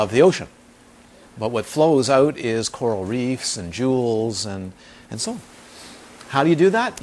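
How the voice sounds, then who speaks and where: A man's voice: mid-range voice, a little hiss or hum. A man giving an informal dharma talk as a meditation teacher, telling stories with emphatic repetition and acting out the voices of people he quotes. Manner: animated storytelling, acts out quoted voices.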